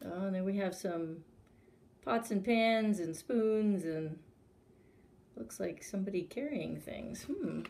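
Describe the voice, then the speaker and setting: A woman librarian reading a picture book aloud to children in a gentle, animated storytelling manner. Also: mid-range voice, slow, vocal fry, a little hiss or hum.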